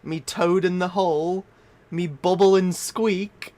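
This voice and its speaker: A man's voice: high-pitched, fairly even intonation, slow, darkish tone, voice pushed up. A man voicing a comic, indignant Brit in a put-on British accent. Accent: fake British. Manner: indignant, exaggerated.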